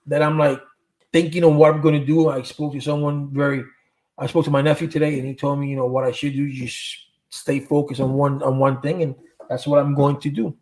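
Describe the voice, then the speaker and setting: A man's voice: fairly high pitch, darkish tone. A middle-aged man hosting a livestream, answering viewer comments and telling stories in a rambling, casual way, full of street slang and cursing. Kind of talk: casual storytelling chat.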